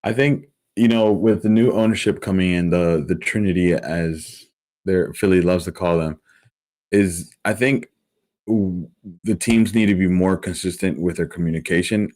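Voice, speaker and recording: A man's voice: deep voice, darkish tone. A man co-hosting a live sports show, talking casually, hedging and thinking aloud as he makes his point. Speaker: podcast co-host.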